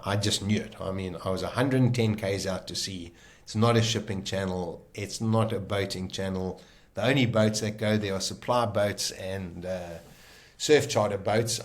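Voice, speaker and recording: A middle-aged man from South Africa talks with a slightly low voice. He tells his own story in an interview, vivid and animated, often restarting his sentences as he goes. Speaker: guest telling his story. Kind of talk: conversational storytelling.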